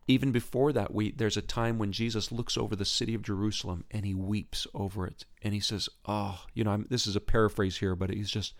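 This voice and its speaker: On his Christian podcast, this man talks earnestly and casually at a normal speed. He often repeats words and restarts sentences, and his pitch shoots up when he gets excited.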